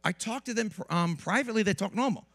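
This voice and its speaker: A man preaching a lively sermon in a church with asides to the congregation, while he has a cold. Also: high voice, fast talker. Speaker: pastor. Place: church sanctuary.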